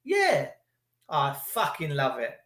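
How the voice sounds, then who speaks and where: Middle-aged man, high-pitched, sweary rambling rant host, echoey room. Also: wildly swooping pitch, takes it slowly, a bit bright. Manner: profane, sarcastic, rambling. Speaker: livestream host. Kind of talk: ranting live monologue.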